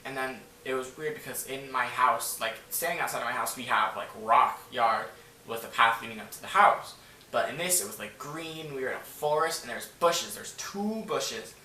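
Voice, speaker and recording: This man's medium-pitched voice is bright and forceful, delivered at a moderate pace as he casually rambles through a story to camera. He swears freely and fills his speech with "like." The recording catches him at a distance in an echoey room with faint noise.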